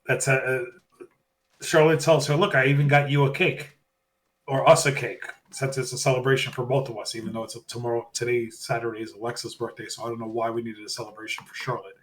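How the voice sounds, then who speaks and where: Guy on a podcast retelling a show, mid pitch, does little voices for quotes. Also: fairly quick. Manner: animated retelling, acting out quotes. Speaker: podcast co-host. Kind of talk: casual wrestling recap chat.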